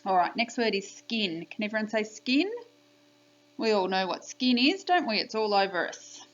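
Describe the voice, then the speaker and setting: A woman's voice: medium pitch, lively intonation, a little hiss or hum. Cheerful woman teaching young children. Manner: bright, encouraging, slow and clear, sing-song teacher talk. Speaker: primary school teacher. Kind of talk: recorded spelling lesson for young children. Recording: dull lo-fi home video audio.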